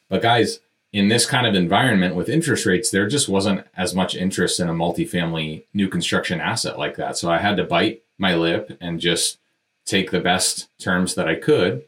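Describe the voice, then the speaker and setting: A man with a deep, low-pitched voice tells a story in a candid, conversational monologue. He is blunt and frank, drops casual swearing, and talks right to his listeners like a podcast host. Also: normal speed, fairly bright tone. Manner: conversational, addresses listeners directly. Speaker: podcast host and real estate developer.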